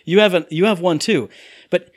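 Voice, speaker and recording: A man's voice: high voice, fairly quick, husky, no echo, clean studio sound. A man co-hosting a casual chat, ranting about a game and mimicking characters' lines in exaggerated voices. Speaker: podcast co-host reviewing a game.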